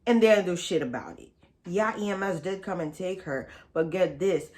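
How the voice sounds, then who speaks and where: A woman's voice: lowish voice, moderate pace, darkish tone. A woman vlogger telling a storytime in a casual, blunt and profane, chatty way.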